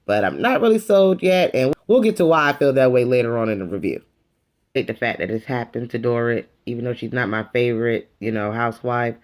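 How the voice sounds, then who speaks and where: A YouTube reviewer with a deep, bass-toned female voice briskly recaps a reality TV episode in a casual, sassy, dramatic style, calling the viewer "honey" along the way.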